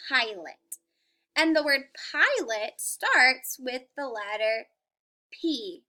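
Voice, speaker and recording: A woman's voice: sits high, sharp tone. A young woman teaching a phonics lesson to young children at home, patient and encouraging.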